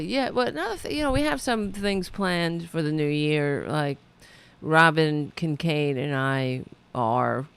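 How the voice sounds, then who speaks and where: A woman with a low, smooth voice and vocal fry talks casually to viewers on her own livestream show. Her talk wanders and is peppered with profanity, breaking into sudden emphatic rises.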